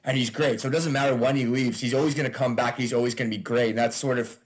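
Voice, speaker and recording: A man's voice: medium pitch, steady tone, fast talker. A man, a stand-up comedian, chatting casually as a podcast guest, loose and laughing, with frequent swearing.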